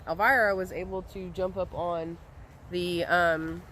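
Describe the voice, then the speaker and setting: A woman's voice: lowish voice, steady tone, a little slow, fairly bright tone, a little hiss or hum. A woman, chatting casually and rambling with lots of ums as she talks to camera outdoors by a chicken coop. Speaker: homestead vlogger.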